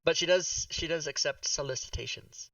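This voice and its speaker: A man's voice: on the high side, normal speed, bright, forceful tone, no room sound, far from the mic, muffled recording. A man hosting a casual live stream, blunt and profane, joking with his co-host. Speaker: streamer and dungeon master.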